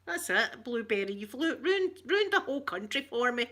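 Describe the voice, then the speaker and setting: A woman's voice: on the high side, big pitch swings, normal speed, pushed and bright, slight background noise. A middle-aged woman with a Glaswegian Scottish accent, chatting casually with her live stream viewers, greeting them by name and laughing often. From Scotland.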